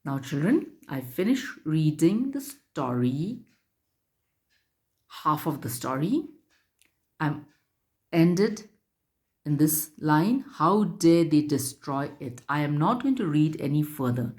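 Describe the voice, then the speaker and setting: A woman teacher reading a story aloud to children and explaining it in a slow, careful, instructive way. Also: sits low, sing-song, a little mellow.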